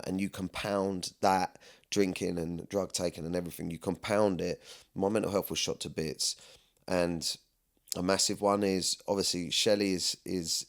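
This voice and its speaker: A man hosting a podcast, talking earnestly and at length in a rambling, candid way. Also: deep voice. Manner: rambling, earnest, often asks "do you know what I mean". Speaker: podcast host. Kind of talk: candid personal chat.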